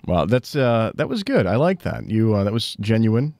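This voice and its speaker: A man's voice: lowish voice, big pitch swings, normal speed, a little mellow, dry recording. Wisecracking co-host with mock tough-guy bravado. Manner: playful mock-heel bravado, hesitant fillers. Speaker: co-host and producer. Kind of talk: casual podcast banter.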